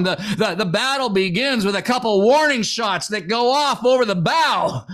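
High-voiced fervent male preacher. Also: fairly bright tone. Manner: impassioned, repeating phrases, rising into exclamations. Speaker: preacher making prayer decrees. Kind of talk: fervent prayer and sermon.

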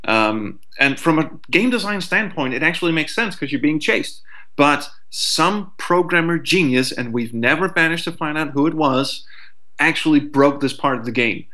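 A man talking as a guest on a casual podcast, animated and swearing freely, who acts out what a frustrated player would think. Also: fairly high pitch, normal speed.

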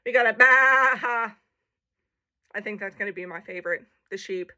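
A woman's voice: medium pitch, moderate pace, sharp tone. A woman casually reading a children's picture book aloud, playful, with jokey asides and animal noises.

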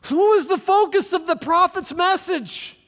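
A man preaching a sermon as interim pastor, swinging between loud, shouted exhortation and quiet asides. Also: very high voice, normal speed. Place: church sanctuary. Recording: long reverb of a church hall.

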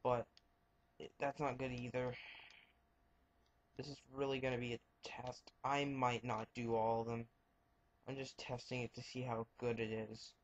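A man's voice: mid-range voice, flat delivery, measured pace, pauses often. A young man giving rambling, frank commentary over his gameplay and muttering reactions as he plays. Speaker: let's play gamer. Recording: dull lo-fi home mic.

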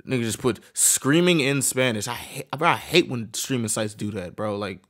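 A man's voice: mid-range voice, expressive, moderate pace, few pauses, fairly bright tone. A man co-hosting a movie reaction, rambling through profane, joking asides. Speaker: co-host. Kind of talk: casual reaction chat.

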